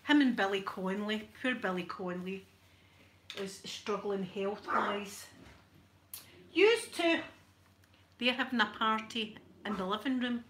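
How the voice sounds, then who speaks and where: Here the Scottish ASMR host, a middle-aged woman, irons on a livestream while telling stories and laughing often in casual chat. She has a mid-range, fairly bright voice, fairly even intonation, and normal speed, with slight background noise.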